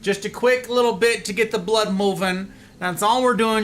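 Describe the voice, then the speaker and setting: Playful, high-voiced male streamer. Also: normal speed, fairly bright tone. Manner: playful, goofy, jokey voices. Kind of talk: live game commentary.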